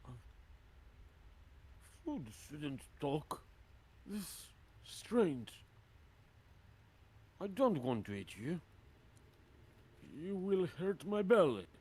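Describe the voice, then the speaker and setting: A man voicing a hungry, dim-witted male hill giant who talks in slow, simple phrases. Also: high-pitched, very animated, a little mellow, slightly rough, pitched above the performer's own voice, full character voice.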